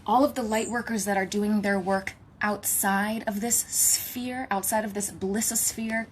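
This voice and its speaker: A woman and spiritual healer giving a channeled message. She talks in a reverent, litany-like way, slips into a hushed whisper at times, and adds playful asides. She is recording at home. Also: mid-range voice, steady tone, measured pace, background noise.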